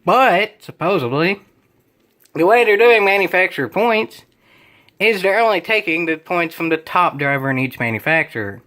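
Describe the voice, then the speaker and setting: A man's voice: high voice, lively intonation, moderate pace, sharp tone. A young man reading a web page aloud and commenting on it in a sarcastic, exasperated, rambling way. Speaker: gaming video creator.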